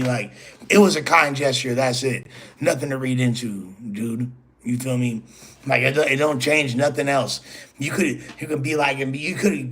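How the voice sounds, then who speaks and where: Husky-voiced man ranting casually. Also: fairly high pitch, fairly bright tone. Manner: rambling and profane, with "you feel me" and "bro" fillers. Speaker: host. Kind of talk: casual monologue addressed to a rival.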